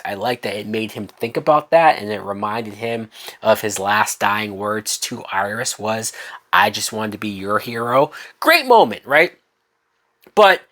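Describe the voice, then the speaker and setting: A woman's voice: low voice, fairly bright tone. A woman reviewing a TV finale in a profane, exasperated rant, swearing and mocking as she goes. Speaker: TV show reviewer.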